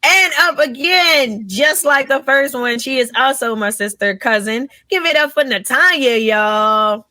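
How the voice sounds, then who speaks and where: Young woman hosting a podcast, slow easy talk, bright voice, dry sound, laughs a lot. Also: high voice, no room sound. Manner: laughs often, upbeat and teasing. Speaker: podcast host. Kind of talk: casual live podcast chat.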